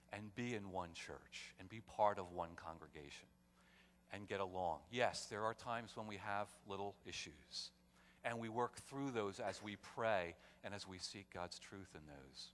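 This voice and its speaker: A male pastor preaching a sermon, swinging between loud, emphatic calls and quiet, low storytelling. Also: normal speed. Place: church sanctuary. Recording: long church hall reverb.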